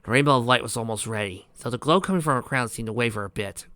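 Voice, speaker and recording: A man's voice: medium pitch, fast, sharp tone, no echo. A man reading a fan fiction story aloud and breaking off into sarcastic commentary. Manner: sarcastic, ranting asides.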